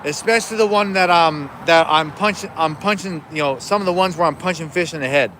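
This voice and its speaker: Brisk and a little high, this livestreamer's voice sounds pushed and bright as he chats loosely, joking and rambling and breaking off his own sentences. A faint hiss or hum sits under the recording.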